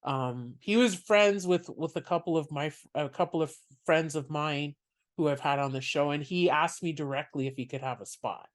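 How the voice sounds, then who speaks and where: Chatty podcast host swapping stories, laughs a lot, middle pitch. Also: moderate pace. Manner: chatty, storytelling, laughs often. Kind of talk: casual chat.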